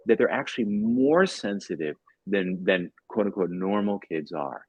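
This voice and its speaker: A man in his fifties speaks as a podcast guest with a lowish, husky voice. His pitch swings widely as he tells stories and acts out bits of dialogue. The sound is dry and close, with no room around it. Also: a little slow, no echo, muffled recording. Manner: animated storyteller, acts out dialogue, repeats words. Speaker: guest, tutor and author. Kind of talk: casual podcast storytelling.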